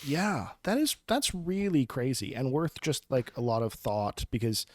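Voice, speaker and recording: A man co-hosting a podcast, asking curious questions and reacting quickly in casual chat. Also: mid-range voice, very animated, no room sound, studio quality. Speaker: podcast co-host.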